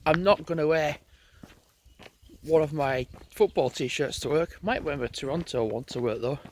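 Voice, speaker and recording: A vlogger with a fairly high voice talks at a normal speed as he walks his dogs along a country road. He rambles and chats, thinking aloud, and the recording has a little hiss or hum.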